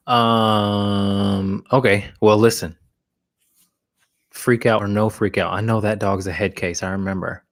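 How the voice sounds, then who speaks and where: Blunt, low-voiced male dog trainer. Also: level tone, measured pace. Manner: blunt, casual, frequent restarts. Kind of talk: live Q&A talk.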